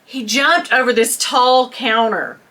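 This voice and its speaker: Bright-voiced chatty woman in her fifties. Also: fairly high pitch, slow pace. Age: 50s. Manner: animated, laughing, acts out voices in quotes. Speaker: vlogger. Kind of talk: casual storytime chat to camera.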